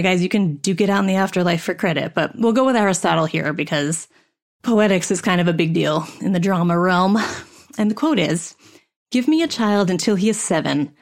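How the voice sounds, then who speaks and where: A woman's voice: medium pitch, a little mellow. A woman with a mid-range voice gives a motivational talk to fellow actors. She speaks frankly and with dry humor, and she swears casually. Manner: candid, profane and wry. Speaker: actor and coach.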